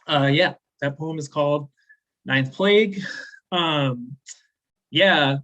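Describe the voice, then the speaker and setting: Bright-voiced man reciting spoken word. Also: on the high side, dull audio. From American South. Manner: measured, deliberate recitation with chatty, filler-laden asides between poems. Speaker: slam poet. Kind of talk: spoken word poetry performance.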